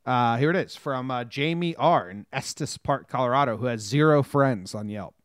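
A man co-hosting a podcast in casual chat, reading things out in a wry, deadpan way. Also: medium pitch, normal speed, clear, resonant tone, no room sound, studio quality. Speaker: podcast co-host.

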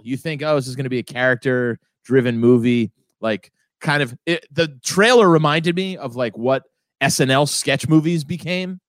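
A man's voice: on the high side, a bit bright, no room sound, studio quality. A man co-hosting a podcast in casual chat, rambling and laughing often. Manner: rambling, laughs often, slips into silly quoted voices. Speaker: podcast co-host.

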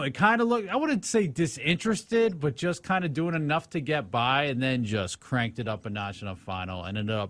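A man hosts a sports betting podcast in a loose, rambling way, with plenty of "uh"s and "um"s. His voice is mid-pitched and conversational. The sound is dry and close to the mic. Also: a bit bright, dry recording. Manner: loose and rambling, with filler words. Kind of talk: casual sports betting chat.

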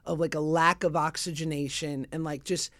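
A man in a casual podcast chat, telling a personal story with lots of fillers and a frank, relaxed manner. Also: fairly high pitch, moderate pace, no room sound, studio quality. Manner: candid storyteller, many fillers.

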